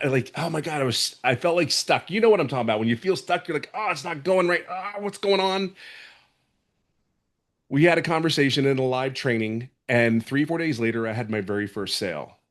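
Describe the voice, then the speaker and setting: A man in his fifties giving an emotional, fervent testimonial on a webinar from home, earnest and often restarting his sentences. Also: mid-range voice. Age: 50s.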